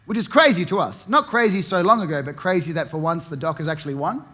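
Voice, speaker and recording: A man's voice: on the high side, lively intonation, quick pace, noisy background. A young Australian man doing a sardonic stand-up comedy set, swearing freely and mocking people with put-on voices.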